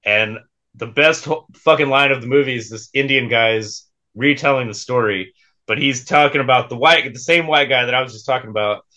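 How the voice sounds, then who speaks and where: A man's voice: medium pitch, brisk, bright, forceful tone, lo-fi sound. A young man co-hosting a casual podcast, laid-back, swearing freely and laughing often. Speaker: podcast co-host.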